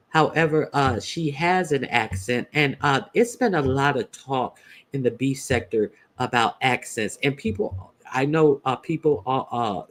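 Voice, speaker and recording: A man hosting casual opinion commentary, blunt and profane, halting often with "uh" fillers as he talks. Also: medium pitch, a bit bright. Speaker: YouTube commentator host.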